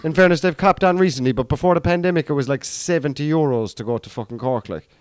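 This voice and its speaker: A man's voice: fairly high pitch, fast talker, slight background noise. A young Irish man co-hosting a casual podcast chat, swearing and joking as he rants. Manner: swearing, jokey, ranting. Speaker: podcast co-host.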